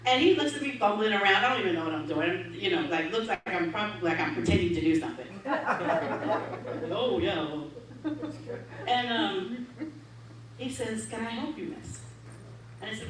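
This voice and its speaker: Animated woman preaching in an echoey hall. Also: mid-range voice, normal speed, pauses often. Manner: animated, laughs often, acts out quotes. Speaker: minister giving a talk. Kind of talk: storytelling sermon. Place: large hall of a spiritual center. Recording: echoey hall, distant mic, faint hum.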